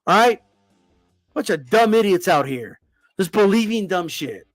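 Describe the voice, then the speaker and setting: Heated, swearing boxing host, high animated voice. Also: male voice, a little slow, no room sound, faint music behind. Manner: profane, heated, repeats himself. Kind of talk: ranting commentary to camera.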